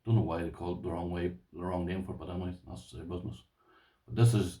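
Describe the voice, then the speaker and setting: Talking fast in a deep, warm, steady voice, an Irish man walks viewers through his lock collection in a loose, chatty way. He calls them "boys" and says "this here," and he sounds far from the mic in an echoey room.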